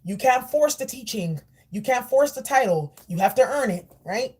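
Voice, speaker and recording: A woman's voice: a little high, expressive, normal speed, a little mellow, breathy edge. A woman giving a spiritual oracle card reading in a blunt, preachy and profane way. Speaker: spiritual reader.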